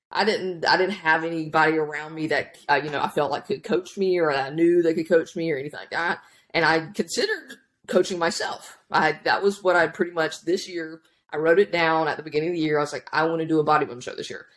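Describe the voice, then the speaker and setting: A woman in her thirties chatting as a podcast guest, telling her story in an animated, rambling way. She restarts her sentences often and acts out what other people said along the way. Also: low voice, a little fast. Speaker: podcast guest, powerlifting coach. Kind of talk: casual interview storytelling.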